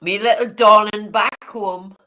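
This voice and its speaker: A woman's voice: mid-range voice, steady tone, a little slow, pushed and bright, rough recording. A woman chatting casually on a livestream, blunt and swearing freely as she greets viewers by name. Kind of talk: casual live-stream chat with viewers.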